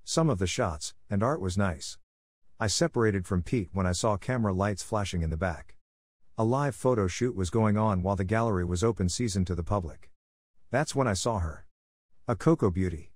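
Brief: calm, plainspoken male audiobook narrator, low voice, dry close mic. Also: normal speed, no room sound. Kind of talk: first-person story narration.

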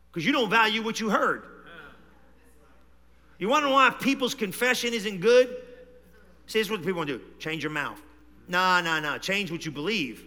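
A man preaching a sermon with animated delivery, going from low conversational talk to loud shouting in a church. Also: in a large hall. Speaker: pastor. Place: church hall.

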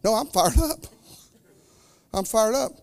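A man preaching a sermon as pastor, with fervent delivery that swings between loud declarations and quiet, slowed asides. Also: sits high, expressive, vocal fry.

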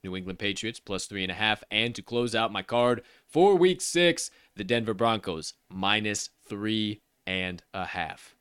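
A man's voice: lowish voice, big pitch swings, measured pace, few pauses, fairly bright tone, clean tone, no room sound, clean studio sound. A man co-hosting a sports betting podcast, reading his picks in a laid-back, folksy way. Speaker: co-host of a football betting podcast. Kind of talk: casual sports podcast chat.

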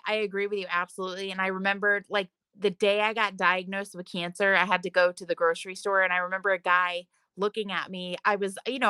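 Woman host, eager and emphatic, bright clear voice. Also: medium pitch, no room sound. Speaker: podcast host. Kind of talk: casual chat.

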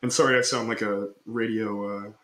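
A man's voice: on the low side, steady tone, brisk, a bit bright. A man hosting a casual podcast, upbeat and chatty, laughing often and running his sentences together. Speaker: podcast host.

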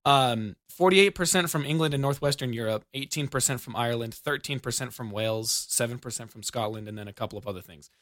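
A man's voice: medium pitch, fast, hardly any pauses, fairly bright tone, no echo, studio quality. A young American man telling rambling stories in casual podcast chat, restarting sentences and giggling. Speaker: podcast co-host.

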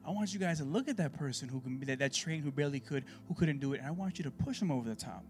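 A man leading a church Bible class in a casual, sermon-style way, animated and conversational, full of rhetorical questions. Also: on the high side, very fast.

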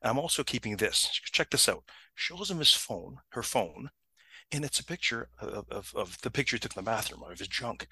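A man telling a story in a casual chat, animated and acting out the people he quotes. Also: fairly quick, breathy edge, no echo. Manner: animated, acts out quotes with big pitch jumps, frequent restarts.

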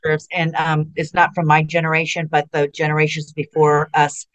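A woman's voice: low voice, flat delivery, normal speed. A middle-aged woman from California talks as a guest in a casual interview. She rambles through stories with many false starts and restarts. Her delivery is loose and conversational. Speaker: retired wrestler guest.

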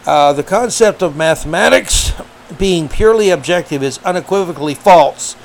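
A man's voice: fairly high pitch, moderate pace, slight background noise, poor audio. A man hosting a podcast, delivering a combative, sarcastic political commentary monologue. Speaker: podcast host.

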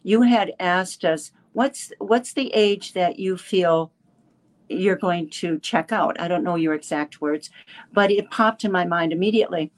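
Halting woman in her seventies. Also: on the low side. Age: 70s. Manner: halting, many restarts and fillers. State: a little emotional. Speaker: caller sharing a testimonial. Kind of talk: emotional personal testimony.

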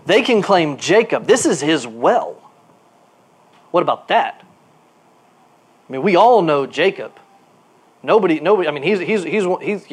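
A male pastor preaching a sermon. His delivery is animated, moving from quiet asides to emphatic bursts, and he repeats words while he looks for a phrase. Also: on the high side, breathy edge.

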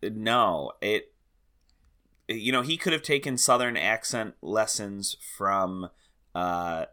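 A man's voice: lowish voice, slow, sharp tone. A man co-hosting a podcast, chatting casually about a film, hesitant and full of fillers. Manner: hesitant, many fillers and restarts, easy laughs. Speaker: podcast co-host.

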